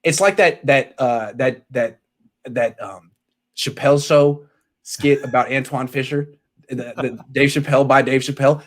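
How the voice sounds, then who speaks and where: Excitable man hosting a sports talk show. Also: medium pitch, measured pace. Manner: excitable storyteller, jumps between loud outbursts and muttered asides. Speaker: sports podcast host. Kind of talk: casual chat.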